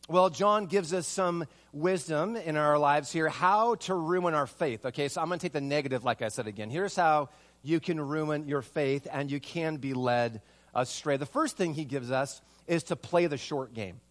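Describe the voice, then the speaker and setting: A man preaching a sermon, telling a personal story with animated energy and asking his listeners rhetorical questions. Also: fairly high pitch, normal speed. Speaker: pastor.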